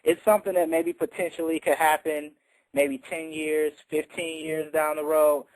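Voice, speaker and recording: A man's voice: on the high side, flat delivery, moderate pace, no echo, poor audio. A man co-hosting a radio show, chatty and confident, often laughing as he answers quiz questions. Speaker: quiz contestant and co-host. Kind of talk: casual radio chat. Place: radio studio.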